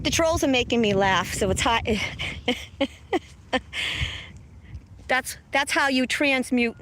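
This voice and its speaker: A woman's voice: high voice, animated, slow pace, fairly bright tone, a little hiss or hum. A woman from south of Boston hosting a casual livestream outdoors on her phone, brash and mocking, laughing often and swearing. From south of Boston, USA. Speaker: livestream host. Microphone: phone camera.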